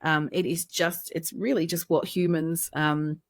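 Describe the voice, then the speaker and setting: A woman with an Australian accent, a podcast co-host and sleep practitioner, giving calm, reassuring parenting advice. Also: low voice, measured pace, no room sound, studio quality. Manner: gentle, reassuring, steady. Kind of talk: advice chat.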